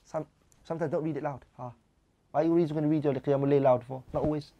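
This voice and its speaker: A man teaching a religious class at a brisk pace, in a voice pitched a little high. He reads out lines of Arabic and then explains them in English, often putting questions to his students. The sound is dry and close. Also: fairly even intonation, mellow, no room sound, highs cut off.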